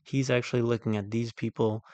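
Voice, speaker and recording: A man reviewing a movie in a casual monologue, ranting with exasperation and then calmly breaking down shot composition, full of "like" and "um". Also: mid-range voice, brisk, no echo. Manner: exasperated ranting, heavy use of "like" and "um"; calmer, analytical when breaking down shots. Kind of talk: casual film critique monologue.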